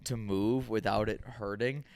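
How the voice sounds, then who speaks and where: A man's voice: on the low side, steady tone, a little slow, darkish tone, slight background noise. A man co-hosting a casual podcast, telling rambling stories and acting out quoted dialogue. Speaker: podcast co-host.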